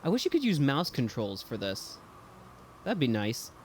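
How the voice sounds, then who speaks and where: A man's voice: medium pitch, normal speed, slight background noise. A man streaming a video game live, chatting casually, swearing and yelping when things go wrong. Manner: excitable, swears freely, yelps and talks to chat. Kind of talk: casual live gameplay commentary.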